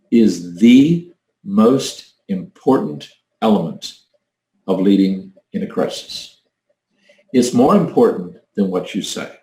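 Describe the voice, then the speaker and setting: Male leadership coach, gravelly voice, mid pitch, emphatic teaching delivery, echoey room. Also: a little mellow. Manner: coaching, emphatic, demonstrates tones of voice. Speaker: leadership trainer. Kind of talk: recorded leadership training talk.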